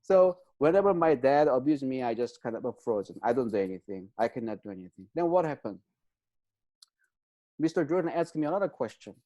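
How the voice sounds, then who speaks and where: A man's voice: mid-range voice, animated, fairly quick, mellow, highs cut off. A man explaining trauma as an interview guest, in non-native English phrasing, with many fillers and frequent "right?" check-ins.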